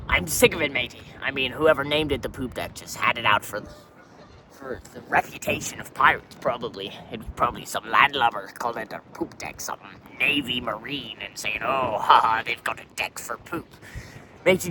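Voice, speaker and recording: Against a noisy background, a man with a mid-range voice hosts a comedy podcast as a pirate, rambling through rants and addressing everyone as "matey." He sits a bit far from the mic.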